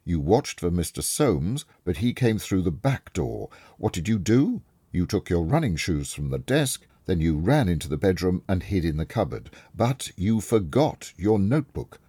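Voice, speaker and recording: A man reading a story aloud, voicing a calm, clever male detective who explains things step by step and is kindly but firm. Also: deep voice, moderate pace, hardly any pauses, husky, no room sound, pitched above the performer's own voice, full character voice. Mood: explaining. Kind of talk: audiobook reading.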